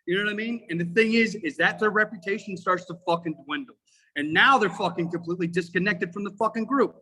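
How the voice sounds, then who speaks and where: Fired-up profane man, high bright voice. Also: low-quality recording. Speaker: podcast guest, firefighter lieutenant. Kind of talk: casual podcast chat.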